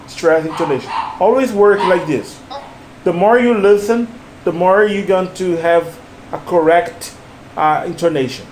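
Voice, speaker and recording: Patient, high-voiced male English teacher. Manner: patient, repetitive, coaching. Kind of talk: one-on-one English lesson. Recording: roomy with faint hiss.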